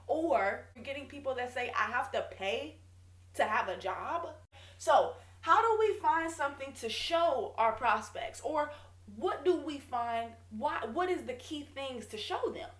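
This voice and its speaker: A woman business coach giving direct, emphatic advice in a casual video lesson. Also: high voice. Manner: direct, emphatic, self-correcting. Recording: echoey room.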